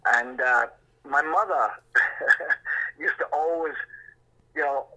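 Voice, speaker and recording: A man in his sixties, a musician telling a lively story and acting out voices in the quotes. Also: a little high, takes it slowly, rough recording. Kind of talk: anecdotal storytelling.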